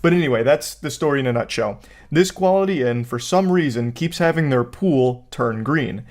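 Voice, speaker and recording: Male commentary host, even mid voice, mock-serious rambling delivery. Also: medium pitch, moderate pace. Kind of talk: casual video commentary. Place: Florida home.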